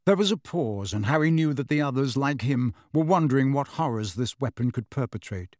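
A man reading a storybook aloud as narrator, in a steady, expressive storytelling manner. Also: medium pitch, a little fast, hardly any pauses, dry recording, studio quality. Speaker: audiobook narrator. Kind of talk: scripted narration.

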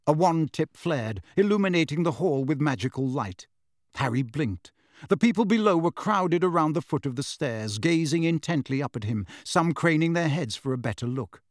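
A man narrating a storybook in a dramatic, expressive reading. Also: fairly high pitch, normal speed, no echo, studio quality. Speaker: audiobook narrator.

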